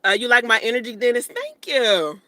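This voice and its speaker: A woman's voice: on the high side, very animated, a little fast, pushed and bright, no echo. A woman in her late thirties hosting a casual livestream, eating and talking with her mouth full, blunt and profane. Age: 30s. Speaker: livestream host.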